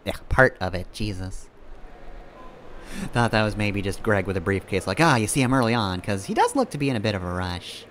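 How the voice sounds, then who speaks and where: A man's voice: on the low side, very animated, normal speed, a bit bright, a little hiss or hum. A man streaming a game, giving rambling, casual commentary, often correcting himself and chuckling.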